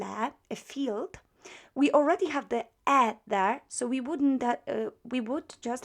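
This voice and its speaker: Slow-talking woman teaching a grammar lesson. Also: on the high side. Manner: slow, patient, repeats words to drill them. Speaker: language teacher.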